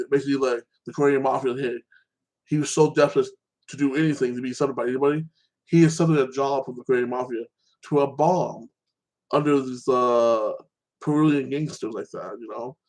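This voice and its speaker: Over poor-quality audio, a medium-pitched man hosts a casual solo show, rambling through recaps of TV episodes. His talk is peppered with "like that" and "you know."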